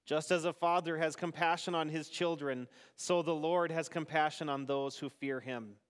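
A male pastor reads scripture aloud to his congregation, unhurried and deliberate. His voice sits somewhat high for a man and comes through smooth and resonant. The sound carries the long reverb of a church hall. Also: fairly even intonation. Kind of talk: sermon and scripture reading. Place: church sanctuary.

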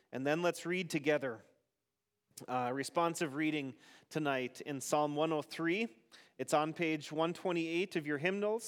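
A man leading a service as pastor, reading scripture aloud to a congregation in an unhurried way. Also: fairly high pitch, clear, resonant tone. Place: church sanctuary. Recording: long reverb of a church hall.

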